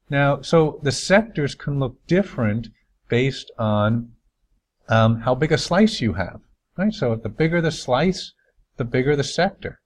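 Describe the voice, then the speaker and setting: A New York math teacher gives a recorded lesson over slides, upbeat and chatty with folksy asides. His mid-range voice is expressive and unhurried.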